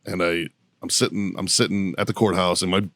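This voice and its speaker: Low-voiced man swearing through a story. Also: a little fast, no room sound, clean studio sound. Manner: profane, animated anecdote telling; acts out quoted people in his story. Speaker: podcast co-host. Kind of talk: casual storytelling chat.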